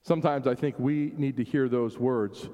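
A man's voice: mid-range voice, steady tone, moderate pace, mellow. A man preaching a sermon in a reflective way, shifting his emphasis and acting out the questions he quotes. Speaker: pastor. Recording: long hall reverb.

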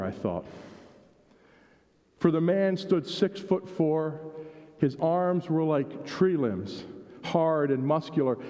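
Pastor reading a story in an echoing hall. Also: male voice, on the high side, mellow. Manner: measured storytelling with small repeats. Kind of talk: reading a story aloud in a worship service. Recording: dull sound in a reverberant hall.

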